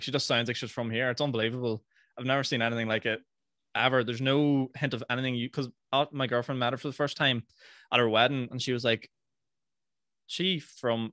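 Northern Irish male host, quick and chatty, dry close sound. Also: medium pitch, pushed and bright, no echo. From Northern Ireland. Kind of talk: casual conversation.

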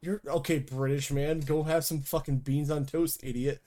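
A man's voice: a little high, fairly even intonation, normal speed, dark tone. A young man hosting a casual gaming podcast, sarcastic and crude, talking loosely with lots of fillers. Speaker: podcast host.

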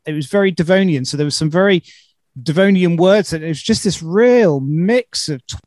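Chatty man, slightly high, dry. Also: moderate pace, a little mellow, dry recording. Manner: chatty, enthusiastic, repeats words when starting. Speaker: podcast host. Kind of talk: casual interview chat.

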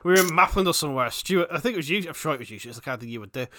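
A young man co-hosting a casual podcast chat, animated and sweary, often laughing and acting out voices. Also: a little high, racing. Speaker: podcast co-host.

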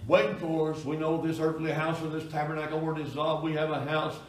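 A man, a pastor preaching a folksy sermon in a church that swells into loud cries. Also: fairly high pitch, level tone, fast talker. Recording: echoey church room from far off.

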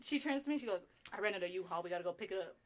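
A woman co-host telling a comic story in casual slang, punchy and quick to laugh. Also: medium pitch, lively intonation, a little hiss or hum.

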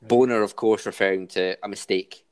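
Man hosting a podcast, lowish voice. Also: fairly even intonation, normal speed. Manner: upbeat, running a quiz. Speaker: podcast host. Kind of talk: casual chat.

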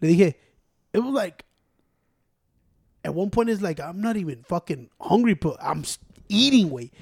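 Man, young adult, high-pitched, dry close sound, swearing, worked up. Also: lively intonation, normal speed, creaky, slightly rough, dry recording. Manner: mixes Spanish and English, swears, gets loud and worked up. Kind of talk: casual chat.

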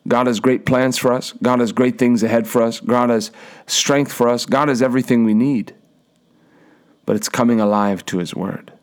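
A man's voice: mid-range voice, fairly even intonation, moderate pace, clean tone. A young man preaching a sermon, telling a personal story with emphatic repetition and frequent restarts. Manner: emphatic, repeats phrases, restarts words.

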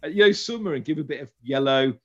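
A British man co-hosts a podcast in casual chat, sounding chatty and enthusiastic and rambling a little as he goes. His voice is a little high, animated, fast and a bit bright, though the recording is muffled.

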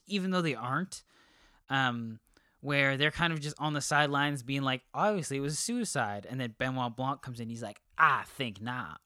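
A man's voice: medium pitch, bright, forceful tone, smooth, no echo, clean studio sound. A man co-hosting a movie podcast, chatting casually with many ums and restarts. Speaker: podcast co-host. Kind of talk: casual chat.

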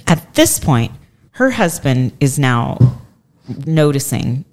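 A woman's voice: rumbling low, slow pace. A woman in her forties telling a long personal story in a casual podcast chat, animatedly acting out what others said. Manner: animated, acts out quoted voices.

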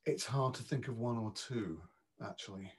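A man with a middling voice, neither high nor low, speaks as a dialect coach in a relaxed interview. He is reflective and stops often to search for his words. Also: normal speed, husky. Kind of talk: casual interview answer.

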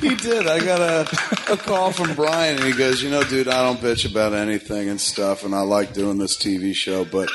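A man hosting a podcast, telling stories in casual chat with plenty of cursing and quick impressions of other people. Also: medium pitch, very noisy. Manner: profane, storytelling, animated impressions. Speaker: podcast host.

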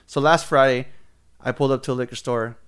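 A man's voice: mid-range voice, fast, clean tone. A man hosting a podcast, telling a story in casual chat and acting out other people's voices. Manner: animated, laughs while telling stories, acts out other people's voices. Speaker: podcast host.

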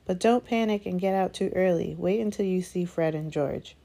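A woman voicing an eager twelve-year-old boy wizard giving hurried advice in a read-aloud story. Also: fairly low pitch, gravelly, dark tone.

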